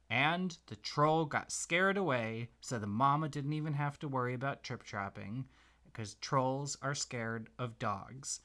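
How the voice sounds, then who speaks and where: A man gently making up a bedtime story for his child, pausing as he thinks of what comes next. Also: on the low side. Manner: gentle, unhurried, makes the tale up as he goes. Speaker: parent telling a story.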